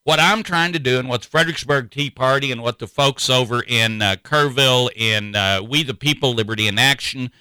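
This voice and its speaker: Folksy man with a bright voice. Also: medium pitch, fairly quick, hardly any pauses, clean tone, dry recording, rough recording. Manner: folksy and rambling. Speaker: radio talk show host. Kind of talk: casual radio talk.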